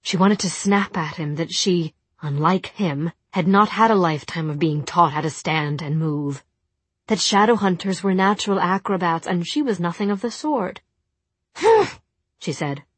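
A woman narrating a novel as an audiobook, with a steady, expressive reading. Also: on the low side, normal speed, slightly rough, no echo.

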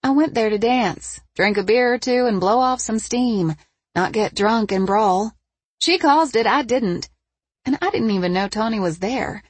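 A woman's voice: on the high side, measured pace, slightly rough, dry recording, pitched above the performer's own voice. A woman reading a storybook, voicing a feisty, defensive young woman who speaks with a spirited manner.

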